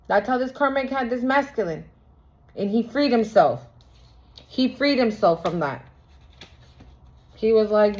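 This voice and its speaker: A woman's voice: a little high, darkish tone. A woman doing a casual tarot reading, talking bluntly with slang and profanity. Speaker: tarot reader. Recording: lo-fi recording.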